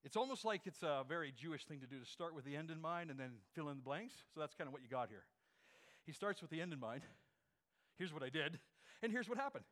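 A man with a notably high voice preaches a sermon, drawing the congregation into call-and-response. He drops to hushed, almost whispered phrases, then builds back up into emphatic rhetorical questions. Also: animated, fast talker. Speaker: pastor.

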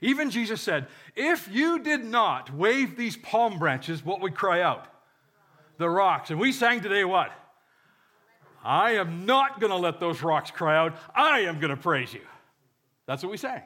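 A man's voice: high voice, very animated, a little slow, bright, forceful tone. A man preaching a sermon, reading scripture with joking asides and leading the congregation in call-and-response. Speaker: pastor.

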